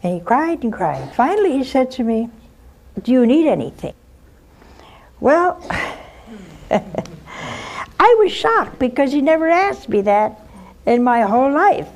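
Older nun, earnest and direct. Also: female voice, high voice, very animated, measured pace, pauses often, a little mellow. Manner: earnest and direct, ends points with "huh?" and "see?". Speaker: nun giving advice to a caller. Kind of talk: advice talk with personal storytelling.

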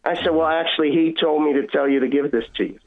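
Over the phone, a fast-talking male caller with a fairly high voice relates his personal faith story. He sounds earnest and emotional, retelling events with quoted dialogue.

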